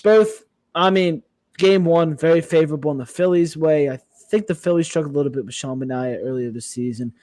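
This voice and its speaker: A man co-hosting a sports podcast in casual chat, reading off stats and matchups in a brisk, upbeat way. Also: a little high, a little mellow, no room sound. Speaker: podcast co-host.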